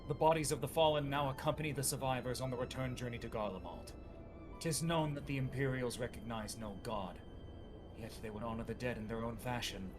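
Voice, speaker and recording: Guy reading a solemn rpg narrator, measured olde wording, game music behind. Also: medium pitch, natural voice. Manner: measured, archaic storybook phrasing. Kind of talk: reading game text aloud.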